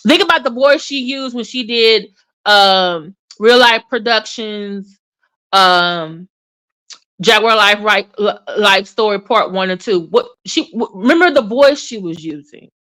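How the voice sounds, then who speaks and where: Bright-voiced woman in chatty commentary. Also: medium pitch, measured pace. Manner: animated, chatty, full of fillers and restarts; addresses viewers in chat by name. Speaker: commentary channel host. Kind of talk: casual livestream commentary.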